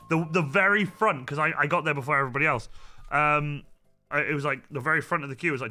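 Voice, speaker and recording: A man hosting a painting stream, a loud, animated storyteller chatting casually with a friend. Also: medium pitch, quick pace, faint music behind. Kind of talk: casual chat while painting miniatures.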